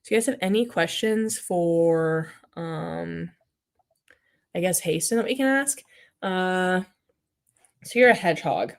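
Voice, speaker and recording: A woman's voice: lowish voice, takes it slowly, vocal fry, pauses often. A woman hosting a casual livestream with puppets, chatting, reading comments aloud and muttering to herself while clicking around.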